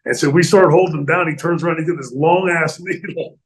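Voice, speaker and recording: A middle-aged man casually telling stories in a studio interview, animated and laughing often, acting out other people's lines. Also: a little high, a little fast, a crowd in the background, poor audio. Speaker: retired pro wrestler guest telling stories. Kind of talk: casual storytelling in a podcast interview.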